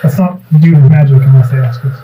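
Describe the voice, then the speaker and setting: A man playing a tabletop game, talking in a quick, wary, cautious way. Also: mid-range voice, lo-fi sound, a little hiss or hum. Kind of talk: casual chat. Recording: distant room mic.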